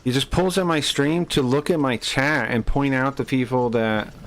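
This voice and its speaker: A man's voice: medium pitch, normal speed, a bit bright. A man streaming live, ranting heatedly and swearing as he rambles and restarts his sentences while playing a game.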